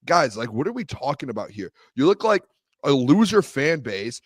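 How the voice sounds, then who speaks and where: A man co-hosting a sports talk show, ranting in an animated way and repeating himself. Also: medium pitch, moderate pace, no room sound. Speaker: co-host.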